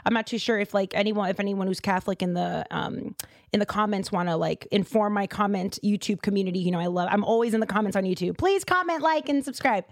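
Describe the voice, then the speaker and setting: A woman from Boston hosting a casual podcast, chatty and animated, full of fillers and quick asides. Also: mid-range voice, no echo, clean studio sound. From Boston, USA. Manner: chatty and animated, with lots of fillers and side remarks. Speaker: podcast host.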